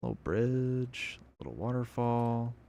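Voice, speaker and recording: A man's voice: medium pitch, big pitch swings, slow pace, vocal fry, warm tone, no echo. A young man giving casual, rambling commentary on a video game as he plays, thinking aloud. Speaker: gameplay video creator.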